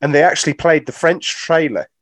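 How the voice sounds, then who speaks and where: A man co-hosting a casual panel chat, animated and opinionated, often stumbling over repeated words. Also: fairly high pitch, a little fast, dry recording. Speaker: podcast co-host.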